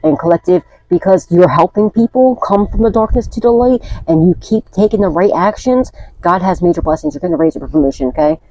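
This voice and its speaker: A woman's voice: fairly low pitch, brisk, mellow, dry recording, highs cut off. A woman doing a casual spiritual tarot reading, chatty and blunt, swearing freely and often asking "okay?". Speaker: tarot reader.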